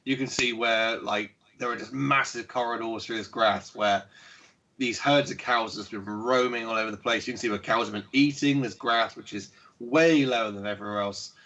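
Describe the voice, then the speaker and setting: A man's voice: mid-range voice, steady tone, moderate pace, bright, forceful tone. A man running a tabletop game as dungeon master, describing scenes with many fillers and chuckles. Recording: muffled lo-fi stream audio.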